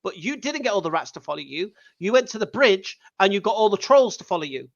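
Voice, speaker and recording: A man's voice: high voice, big pitch swings, fast, creaky, highs cut off. A man hosting a livestream debate show, teasing callers and joking around in casual banter. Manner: teasing, playful, loud bursts.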